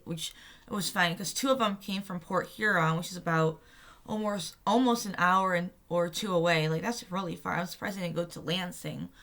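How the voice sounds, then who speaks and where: A woman's voice: on the low side, bright, forceful tone. Heated, blunt young woman vlogger. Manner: heated, blunt, swears freely, acts out quotes. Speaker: vlogger recounting a protest. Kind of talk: casual storytelling vlog.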